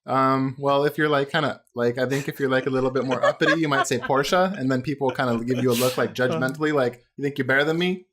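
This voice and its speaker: A man's voice: mid-range voice, fast, few pauses. An American man from the United States co-hosting a podcast, talking playfully and animatedly with lots of "like". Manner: playful, animated, heavy use of "like". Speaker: podcast co-host. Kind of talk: casual podcast chat.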